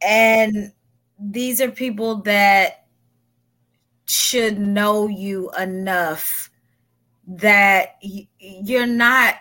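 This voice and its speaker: A woman's voice: medium pitch, steady tone, very slow, pauses often, sharp tone. A woman hosting a casual podcast chat, leading the group with questions. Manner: leads the discussion, asks the group questions. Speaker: podcast host.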